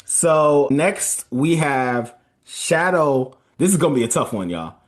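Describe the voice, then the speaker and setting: A man's voice: on the high side, big pitch swings, slow pace. A man hosting a casual podcast chat, running the segment in an easygoing, chuckling way. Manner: easygoing, chuckling while introducing. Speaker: podcast host moderating a bracket.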